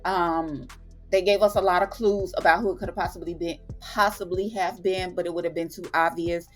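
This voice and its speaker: A woman's voice: lowish voice, fairly even intonation, brisk, faint music behind. Chatty woman dramatically recapping a TV episode. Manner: chatty, dramatic retelling with slangy asides. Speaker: TV and film review channel host.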